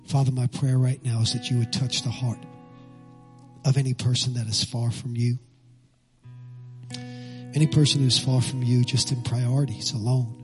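A man's voice: mid-range voice, level tone, moderate pace, long pauses, faint music behind. A male pastor preaching with passion, leading the congregation in call-and-response and then praying. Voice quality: husky. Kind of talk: sermon and prayer. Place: church sanctuary.

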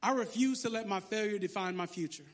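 A man pastor preaching a lively sermon, joking and sarcastic between scripture readings. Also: high-pitched, quick pace.

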